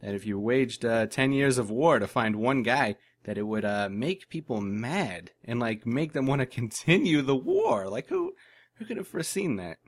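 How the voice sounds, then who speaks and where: A man's voice: medium pitch, very animated, moderate pace, hardly any pauses. A man co-hosting a podcast, chatting casually with dry, sarcastic humor. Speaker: podcast co-host. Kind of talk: casual chat.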